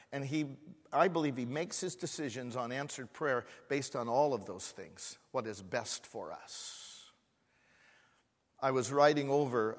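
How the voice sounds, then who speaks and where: A man preaching a sermon as a pastor, swinging from loud, emphatic repeated words to hushed, quiet asides. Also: mid-range voice. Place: church hall. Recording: long hall reverb in a church.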